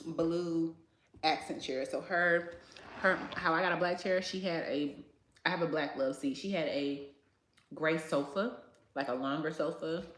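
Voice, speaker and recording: A woman chats and rambles straight to her livestream viewers, her voice sitting on the low side. She is recording in a small salon that gives the sound a noticeable echo. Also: a little hiss or hum. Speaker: hairstylist and salon owner hosting a livestream. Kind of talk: casual livestream chat with viewers. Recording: echoey salon room.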